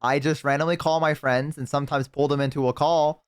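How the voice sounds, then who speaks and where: A young man streaming and chatting casually with a friend on a call, excitable and swearing a lot, with sudden high-pitched outbursts. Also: fairly quick, clear, resonant tone, no room sound, clean studio sound. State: has the hiccups.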